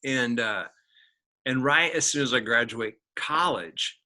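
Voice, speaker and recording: A man from Indiana, a podcast guest, telling a personal story in animated conversation, acting out other people's lines as he goes. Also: mid-range voice, unhurried. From Indiana, USA.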